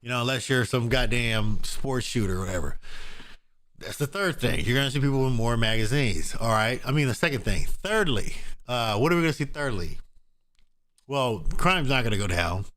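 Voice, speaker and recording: A man's voice: mid-range voice, expressive, moderate pace, fairly bright tone. Profane, blunt man ranting. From Oregon, US. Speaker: gun owner vlogger. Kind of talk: casual ranting vlog.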